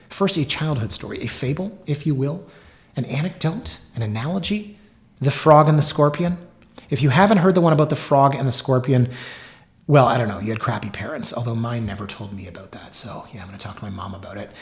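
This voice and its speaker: A middle-aged man hosting his own real-estate podcast, telling stories in an animated, wry way with joking asides. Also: mid-range voice. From Canada. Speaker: realtor and podcast host. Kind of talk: solo podcast talk with storytelling.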